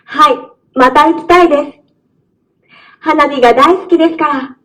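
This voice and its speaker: A polite young woman in a course dialogue, read by a woman actor. The voice sits high and clear, and every line comes slowly and carefully, as if for learners to repeat. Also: fairly bright tone, low-quality recording. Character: polite young woman telling about her holiday. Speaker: dialogue speaker in a language-course audio clip. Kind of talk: slow, clear textbook dialogue reading.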